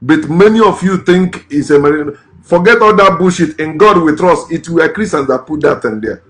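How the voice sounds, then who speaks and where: Vlogger, man, fairly high voice, blunt and scornful political rant. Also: animated, moderate pace, a bit bright. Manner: blunt, scornful, repeats curses. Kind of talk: ranting political commentary.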